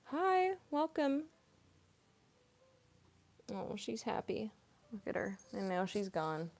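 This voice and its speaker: A woman's voice: mid-range voice, normal speed, gravelly, a little mellow. A young woman, a voice actress, chatting casually on a live stream, giggling often and cooing at her cat.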